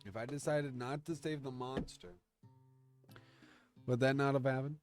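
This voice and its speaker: A man's voice: mid-range voice, steady tone, normal speed. Man reading a text game aloud with faint music. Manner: reads the story aloud and jokes and curses along. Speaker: streamer.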